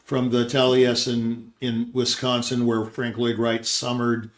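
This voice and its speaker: A man's voice: medium pitch, monotone, unhurried. An older man hosting a talk show, rambling and thinking aloud in casual conversation. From Scottsdale, Arizona area. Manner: rambling, restarts, quotes others in put-on voices. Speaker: show host.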